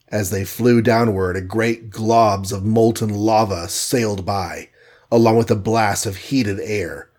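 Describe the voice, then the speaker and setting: A man narrating an adventure storybook aloud in a steady, dramatic reading. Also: fairly low pitch, measured pace, slightly rough.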